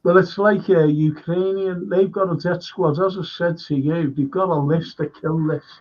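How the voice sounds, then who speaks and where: A male guest in a casual livestream chat, ranting fast and repeating himself. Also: a little high, fairly even intonation, darkish tone, muffled recording.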